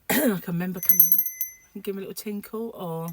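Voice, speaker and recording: A woman's voice: medium pitch, normal speed, background noise. A sleep-deprived woman, rambling casually to camera in a home vlog, full of fillers and restarts. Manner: rambling, chatty, many fillers. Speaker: vlogger.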